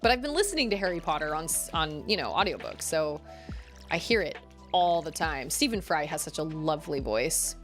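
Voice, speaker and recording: A woman's voice: low voice, expressive, brisk, faint music behind. A woman in her thirties streaming a game, chatting casually, giggly and rambling. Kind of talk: casual chat while gaming.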